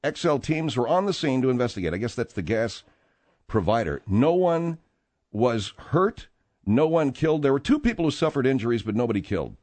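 A man's voice: medium pitch, big pitch swings, a little fast, darkish tone. A man hosting a comedy talk radio show, rambling and exasperated as he tells a story.

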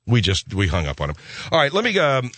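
Brief: brisk male radio host, lively pitch, dry close studio sound. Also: vocal fry, slightly rough, no echo. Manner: brisk and dismissive with callers. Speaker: radio talk show host. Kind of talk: comedy radio talk show.

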